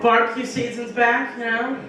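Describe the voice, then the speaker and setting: Over a noisy background, a young woman speaks at a moderate pace with a fairly high pitch and flat delivery, doing stand-up in a small bar for a live audience. Her profane stories include acted-out quotes, recorded in an echoey room from afar.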